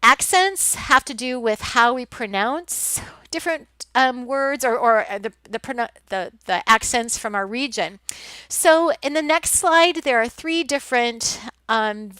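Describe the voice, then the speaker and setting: A woman's voice: on the high side, measured pace, pushed and bright, clean tone, no room sound. A woman with a Midwestern American accent, a college instructor talking through slides in a chatty lecture full of ums and restarts. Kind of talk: recorded lecture over slides.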